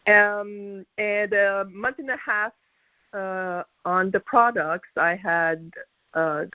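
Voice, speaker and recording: A woman's voice: medium pitch, slow pace, dry recording. A middle-aged woman from Quebec with a Québécois French accent, telling her story as a guest on a call, hesitant with many fillers and frequent laughs. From Quebec, Canada. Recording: dull lo-fi call audio.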